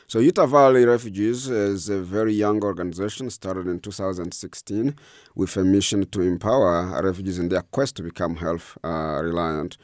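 Guest, middle-aged man, second-language English, low and halting, dry close mic. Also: steady tone, darkish tone, no echo. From Democratic Republic of Congo. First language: not English. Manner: halting, many fillers and restarts. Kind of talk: storytelling interview.

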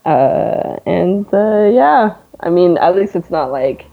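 A young Canadian woman with a North American accent chats casually as an interview guest, laughing often between fillers. Her voice is lowish and creaky with lively intonation, and she takes her time. The line sounds tinny, like a phone.

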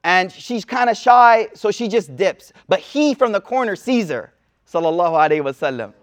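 Man, high voice, casual slangy sermon, storytelling tone, thirties. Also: expressive, normal speed. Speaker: Islamic teacher. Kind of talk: informal sermon to a live audience. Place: room with a seated audience.

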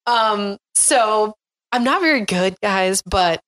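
A woman's voice: mid-range voice, animated, takes it slowly, fairly bright tone, dry recording. A young adult woman, a guest in a casual conversation, talking in an upbeat way and often backing the host with "mm-hmm". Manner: upbeat, frequent "mm-hmm" backchannels.

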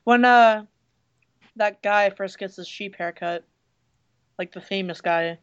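Woman, hoarse, blunt, hesitant, lots of fillers, dull lo-fi recording. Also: lowish voice, flat delivery, normal speed. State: hoarse, losing her voice. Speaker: podcast co-host reviewing a movie. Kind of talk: casual chat.

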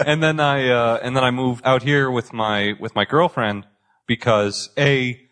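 A man's voice: medium pitch, fairly even intonation, unhurried, fairly bright tone. A young man from the Boston area, chatting casually as a podcast guest, rambling and self-deprecating, swearing freely. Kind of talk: casual chat.

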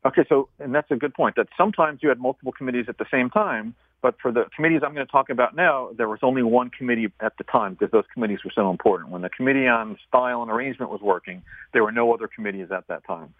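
A man's voice: medium pitch, quick pace, no room sound. A man who is a regular guest on a radio show, explaining history step by step in a teacher-like way. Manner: explanatory, teacher-like, walks the host through points step by step. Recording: tinny phone line.

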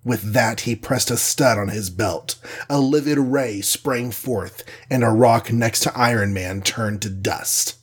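A man narrating a children's adventure audiobook in a steady, measured reading voice. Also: mid-range voice, breathy edge. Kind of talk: scripted storybook narration.

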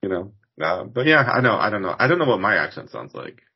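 A man's voice: fairly low pitch, sing-song, quick pace, gravelly, slightly rough, highs cut off. A man from Washington hosting a podcast, chatting casually and rambling a little with many fillers. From Washington, United States. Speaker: podcast host. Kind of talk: casual interview chat.

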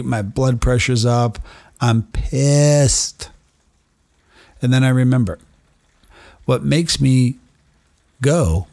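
A middle-aged man who is both a doctor treating patients and the host of his own podcast delivers a solo motivational monologue. His mid-range voice is darkish with a gravelly, creaky edge, and he speaks earnestly and reflectively, addressing the listener directly. The recording is close and dry with no room sound.

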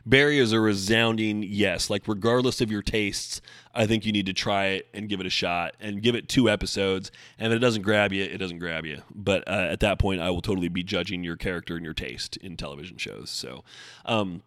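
A man's voice: sits low, fairly quick, fairly bright tone, dry recording, studio quality. A man hosting his own podcast alone, talking casually and rambling with lots of fillers. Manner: chatty, rambling with many fillers. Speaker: podcast host. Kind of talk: solo podcast monologue.

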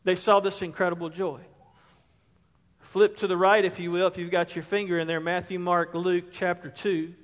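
Guy pastor preaching, pretty high voice, punches key words, big echoey church hall. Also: level tone, normal speed. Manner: emphatic, rising to stress key words. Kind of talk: sermon with scripture reading. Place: church sanctuary. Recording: long reverb of a church hall.

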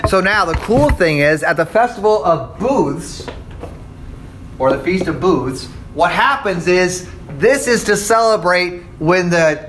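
A man giving a relaxed Bible lesson, talking conversationally and pausing to check in with his class. His voice sits a little high for a man. Faint background noise lies under his speech. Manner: conversational, checks in with "okay?" and "right?". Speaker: Bible teacher. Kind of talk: casual classroom lecture.

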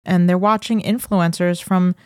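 A woman with a softened New York accent, co-hosting a podcast in casual, chatty conversation. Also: lowish voice, fairly even intonation, moderate pace, smooth, no room sound, clean studio sound. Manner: chatty, thinks aloud with restarts. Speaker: podcast co-host. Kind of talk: casual chat.

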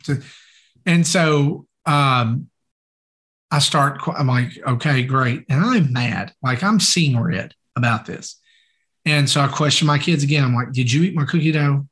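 Animated male podcast storyteller. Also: mid-range voice, unhurried. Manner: animated, acts out quoted dialogue, many fillers. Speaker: podcast co-host. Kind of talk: casual anecdotal storytelling.

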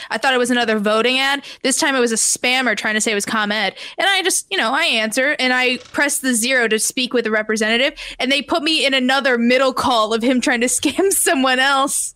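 A woman's voice: high voice, fast talker, few pauses, bright, forceful tone, smooth, no room sound. A young woman co-hosting a podcast, telling exasperated stories and swearing freely in casual chat. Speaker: podcast co-host.

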